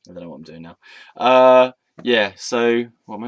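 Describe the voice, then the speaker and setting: A man's voice: mid-range voice, moderate pace, dry recording, studio quality. A young man telling rambling, silly stories to his camera, giggling often and slipping into put-on voices. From England. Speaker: vlogger. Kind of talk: rambling casual vlog storytelling.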